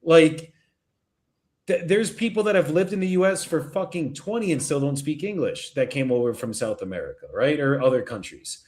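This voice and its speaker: A man hosts a casual motivational talk. His voice sits a little high and swings widely in pitch. He is blunt and animated, and he swears constantly. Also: normal speed. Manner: blunt, heavily profane, animated.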